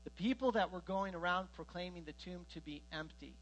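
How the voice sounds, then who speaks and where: A man preaching a sermon as pastor, animated, with loud emphatic bursts and quiet joking asides. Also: high-pitched, fairly quick, low-quality recording. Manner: jokes and asides between scripture retellings.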